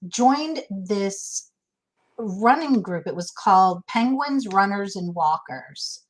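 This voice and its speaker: A woman's voice: mid-range voice, animated, slow, slight background noise, poor audio. A middle-aged woman speaking candidly and emotionally as an interview guest, restarting her sentences often. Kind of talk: casual interview chat.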